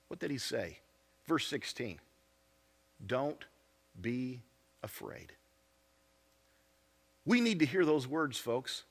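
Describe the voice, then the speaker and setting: Male pastor, sermon delivery: unhurried, bright and slightly high voice, earnest questions to the congregation. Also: gravelly. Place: church sanctuary.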